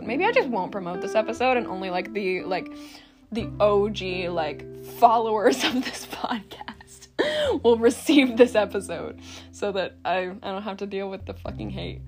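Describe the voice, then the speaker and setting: A young woman hosting a casual solo podcast, ranting bluntly and sarcastically with lots of swearing and laughter. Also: medium pitch. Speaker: podcast host.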